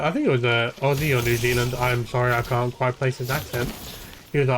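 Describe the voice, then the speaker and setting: A man's voice: medium pitch, brisk, fairly bright tone, soft background music. A young man ranting and swearing freely while streaming a game, rambling from point to point. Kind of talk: ranting live gameplay commentary.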